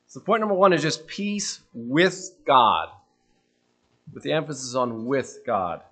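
A man's voice: medium pitch, animated, a little slow. Earnest man preaching a sermon. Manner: earnest questioning, dropping soft at phrase ends.

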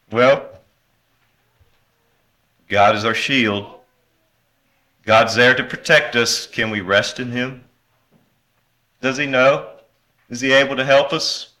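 A male pastor delivers a sermon at an unhurried pace. His tone is bright and forceful, and he reads old-style scripture with earnest emphasis that swells at key lines. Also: medium pitch, poor audio. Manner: slow, earnest preaching with emphatic rises.

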